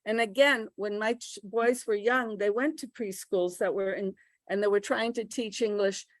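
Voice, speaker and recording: A woman's voice: medium pitch, steady tone, normal speed, no room sound. An older woman giving a live pronunciation workshop for teachers, chatty and demonstrating sounds aloud. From United States. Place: classroom.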